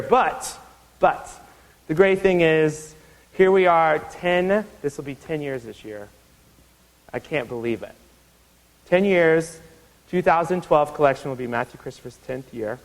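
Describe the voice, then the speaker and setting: A man's voice: a little slow, long pauses, big-room sound, rough recording. A man in his thirties from Iowa giving a university lecture, telling stories and acting out the people in them with big jumps in his voice. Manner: animated, acts out quoted voices with big pitch jumps. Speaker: guest lecturer. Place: lecture hall.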